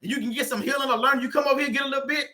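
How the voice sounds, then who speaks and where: A man's voice: very high voice, steady tone, rapid-fire, bright, forceful tone. A man hosting a casual livestream, laughing often and reading viewers' comments aloud. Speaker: livestream host.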